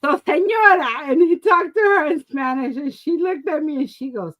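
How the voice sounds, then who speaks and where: A woman's voice: high voice, normal speed, few pauses, highs cut off. A middle-aged woman co-hosting a casual talk stream, telling a story with lots of laughter and acted-out quotes. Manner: animated storyteller, laughs often, acts out quotes. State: asthma and COPD.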